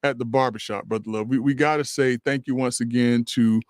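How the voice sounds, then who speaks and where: A man's voice: medium pitch, fairly even intonation, brisk, clear, resonant tone, no echo, studio quality. A man co-hosting a radio talk show, earnest, restarting often and stacking points in repeated phrases. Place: radio studio.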